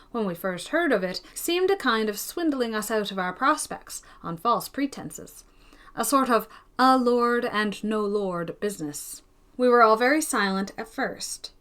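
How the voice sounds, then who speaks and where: A woman reading a classic novel aloud in an even, gentle storytelling manner. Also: fairly high pitch. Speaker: narrator of an audiobook. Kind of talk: scripted audiobook narration.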